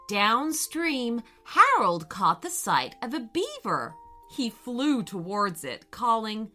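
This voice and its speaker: Woman storyteller, expressive, bright tone, for kids' bedtime tales. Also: on the high side, slow, faint music behind. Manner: gentle, expressive. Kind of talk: children's bedtime story narration.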